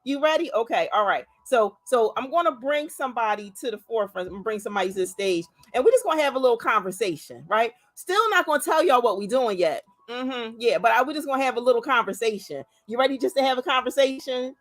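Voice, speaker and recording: A woman's voice: a little high, lively intonation, quick pace, hardly any pauses. A woman hosting a live stream, giving motivational, faith-filled talk that repeats words for stress and calls out to viewers by name. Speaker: livestream host.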